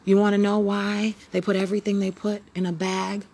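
A woman hosting her own podcast in a rambling, preachy motivational monologue that swings between loud and hushed. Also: mid-range voice, level tone, a little fast, breathy edge. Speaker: podcast host.

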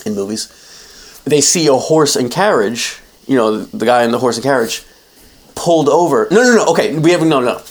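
A man's voice: mid-range voice, animated, normal speed. A young man casually improvising a cartoon plot with a co-host, rambling and laughing as he goes. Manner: rambling, laughing, frequent restarts. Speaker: podcast co-host.

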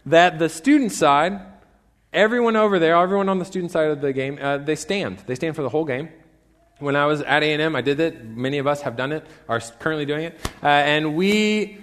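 A young man preaching a casual sermon, an animated storyteller who acts out quotes with playful asides. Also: on the high side. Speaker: pastor. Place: church sanctuary. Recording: long church hall reverb.

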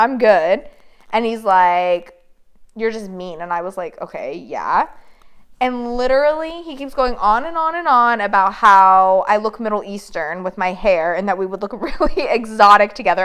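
A woman's voice: medium pitch, expressive, normal speed, a bit bright, smooth. A woman in casual chat, telling a story animatedly, swearing and quoting messages.

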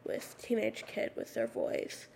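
Raspy teen girl rambling into a usb mic, bit of fry, lisps her s's, says like a lot. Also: mid-range voice, wildly swooping pitch, unhurried, darkish tone, a little hiss or hum. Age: teenager. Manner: slight lisp on s sounds; rambling, lots of "like" fillers. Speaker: podcast host. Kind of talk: casual solo podcast talk. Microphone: USB microphone at a computer.

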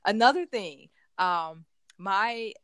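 A woman co-hosting a casual podcast chat, telling animated stories. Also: mid-range voice, slow, clear, resonant tone, no echo. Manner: chatty storyteller, animated retellings. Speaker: podcast co-host.

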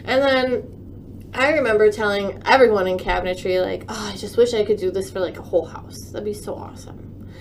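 A woman's voice: medium pitch, fairly quick, a little hiss or hum, low-quality recording. Chatty woman telling a story. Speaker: guest, virtual design consultant. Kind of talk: casual chat.

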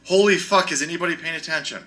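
A man's voice: on the high side, quick pace, pushed and bright. A man hosting a podcast, delivering a heated, sarcastic and profane rant. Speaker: podcast host. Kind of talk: ranting podcast commentary.

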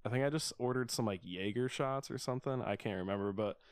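A man's voice: mid-range voice, fast, smooth, no room sound, studio quality. A young man hosting a podcast, telling a story in a laid-back, casual way and swearing freely. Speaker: podcast host. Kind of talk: casual chat.

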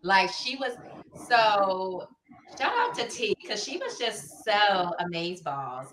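A woman's voice: mid-range voice, slow, echoey room, a little hiss or hum, rough recording. A woman co-hosting a podcast, telling a playful story in casual chat. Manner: expressive, playful, laughs while telling. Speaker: podcast co-host.

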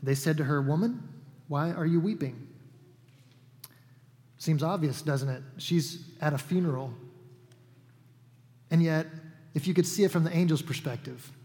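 A man delivers a sermon in a relaxed, conversational storytelling manner, slipping in casual asides between scripture readings. His voice sits a little higher than usual for a man. A long hall reverb trails behind his words. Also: moderate pace, pauses often. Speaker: pastor.

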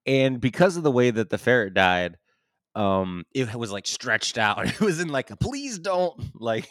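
A man telling a story in casual chat, laughing often, swearing and acting out the quotes loudly. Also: medium pitch, expressive, a little slow, dry recording, clean studio sound.

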